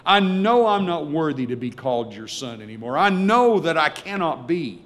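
A man's voice: fairly high pitch, very animated, normal speed, fairly bright tone, pitched above the performer's own voice. A man voicing a remorseful young son begging his father to take him back as a servant. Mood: pleading. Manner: pleading, self-reproaching.

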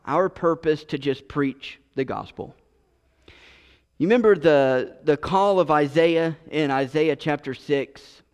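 A man preaching a sermon as pastor, earnest, often repeating and restarting his words. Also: high-pitched. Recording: long reverb of a large hall.

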